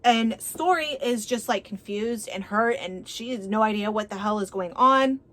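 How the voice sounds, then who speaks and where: A woman's voice: fairly high pitch, normal speed, a bit bright. A woman casually recapping a romance novel's plot in a chatty, swearing way. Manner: chatty, swearing, retelling with quotes. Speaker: book reviewer.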